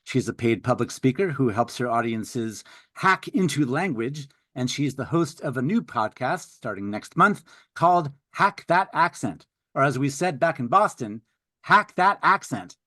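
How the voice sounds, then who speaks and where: A man's voice: mid-range voice, a bit bright, no echo. A man in his fifties hosting a live webinar, introducing the speaker in a theatrical, upbeat and playful way. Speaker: webinar host.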